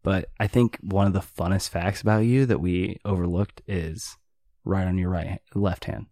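A man's voice: deep voice, fairly even intonation, moderate pace, dark tone, no echo, clean studio sound. A young man hosting a podcast, steering the talk in a matter-of-fact way. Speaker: podcast host. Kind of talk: casual podcast banter.

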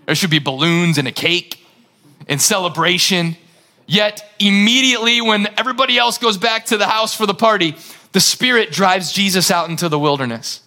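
A male pastor delivers a lively, conversational sermon, retelling scripture scenes with dramatic flair. His voice sits high for a man and rings bright and forceful. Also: moderate pace.

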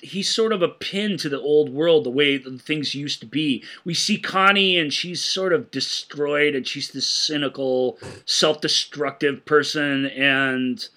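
Guy on a movie podcast, bright forceful voice, acts out scenes, laughs a lot. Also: on the high side, a little slow, hardly any pauses. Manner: animated storyteller who acts out scenes and laughs often. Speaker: film podcast co-host. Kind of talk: casual film discussion.

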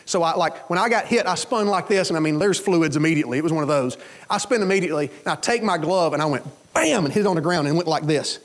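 Man preaching, rapid delivery, slightly high voice, lively storytelling. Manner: animated storytelling with quoted voices. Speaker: pastor. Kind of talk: sermon.

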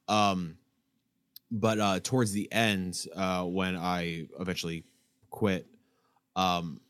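Male, very low pitch, dry close sound, casual swearing storyteller. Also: dry recording. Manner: profane, rambling storyteller. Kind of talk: casual chat.

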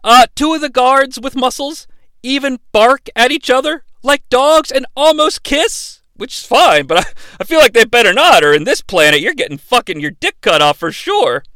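High, bright-voiced man swearing through a movie recap. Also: moderate pace, dry recording. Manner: profane, animated, sarcastic. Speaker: host.

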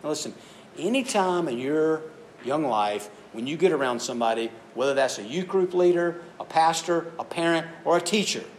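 A man preaching to a youth group, telling stories and acting out voices with animated delivery. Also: a little high, moderate pace, slight background noise. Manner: animated storytelling, acts out voices. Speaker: youth speaker. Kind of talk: youth sermon.

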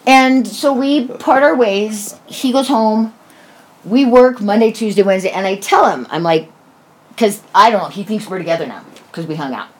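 A woman's voice: medium pitch, normal speed, husky. A woman casually telling a story, blunt and profane, with sarcastic asides.

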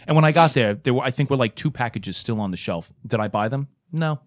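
A man's voice: mid-range voice, lively intonation, quick pace. A man co-hosting a podcast in casual, rambling, profane chat, sarcastic and loose. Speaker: podcast co-host.

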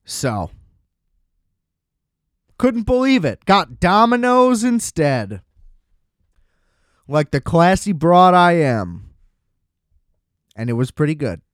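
A man's voice: a little high, sing-song, slow pace, long pauses, no echo, clean studio sound. A man hosting a podcast, ranting in a casual, exasperated and profane way. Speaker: podcast host. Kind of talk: casual solo podcast rant.

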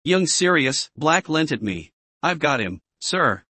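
A huge, gruff giant of a man with a big soft heart, talking in rough plain grammar, his voice sitting a little high for his size, as a male reader puts him on. The sound is dry and close, with no room around it. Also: very animated, measured pace, no echo, heavily acted. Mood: relieved.

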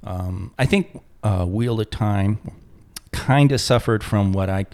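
A man's voice: on the low side, takes it slowly, darkish tone. A man chatting casually about a fantasy series, rambling with many restarts and asides. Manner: rambling, full of restarts and fillers. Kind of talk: casual chat.

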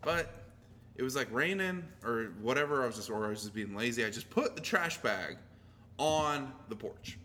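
A man telling animated stories in a casual chat, swearing often and laughing as he talks, with faint noise in the background. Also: medium pitch, normal speed. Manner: profane, animated storytelling.

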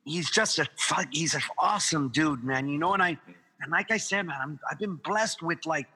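A man from Guam tells loose, animated stories as a guest on a podcast. His voice sits high and very bright, with some huskiness. The room gives it a long, echoing tail. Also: normal speed, husky. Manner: animated, laughing, swearing storyteller. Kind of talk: casual storytelling chat.

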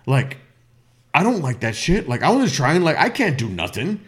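A tipsy man on a podcast, telling a story in casual chat with loud laughs and swearing. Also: a little high, very animated, normal speed. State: tipsy from drinking. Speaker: podcast co-host.

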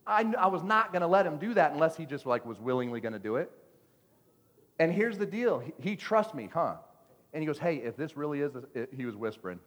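A man's voice: fairly high pitch, animated, fairly quick, fairly bright tone. A man preaching a playful sermon to his church as pastor, joking with the congregation while telling a story. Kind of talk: lively sermon with stories. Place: church sanctuary. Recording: long church hall reverb.

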